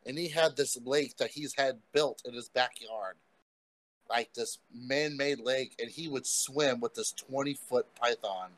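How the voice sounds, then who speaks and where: A man's voice: medium pitch, unhurried, fairly bright tone. Chatty man trading stories. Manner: chatty, chiming in with his own stories. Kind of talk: casual chat.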